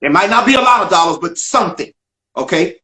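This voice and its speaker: A man's voice: lively intonation, fast talker, sharp tone. An older man, a stand-up comedian, telling a story as a guest in an emphatic way, acting out dialogue. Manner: emphatic, acts out dialogue, swings pitch widely. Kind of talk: animated storytelling in a video interview. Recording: echoey room.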